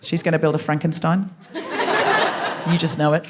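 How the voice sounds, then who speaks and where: A woman's voice: low voice, fairly even intonation, normal speed, heavy background noise. A woman hosting a live comedy podcast on a theatre stage, chatty and self-mocking, teasing the audience. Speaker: podcast host.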